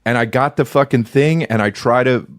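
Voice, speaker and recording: A man chatting casually as a podcast guest, animated and profane, often repeating himself. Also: mid-range voice, moderate pace. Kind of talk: casual chat.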